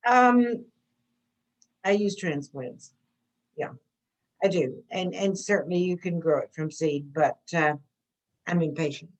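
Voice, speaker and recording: A woman's voice: on the low side, slow pace, long pauses, rough recording. A woman teaching an informal gardening class, chatty and answering questions, often checking in with "okay?".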